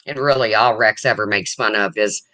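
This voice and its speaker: An older woman hosting a casual livestream chat, blunt and rambling, with a low voice that callers mistake for a man's. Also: brisk, pushed and bright, dry recording. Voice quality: low, husky-sounding voice, often mistaken for a man's. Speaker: livestream host.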